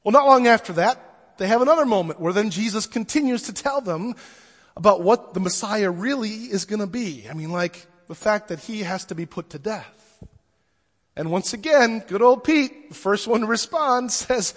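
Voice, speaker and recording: A man's voice: sits high, expressive, normal speed, fairly bright tone, long reverb tail. A man preaching a sermon as pastor, conversational and casual, with everyday fillers.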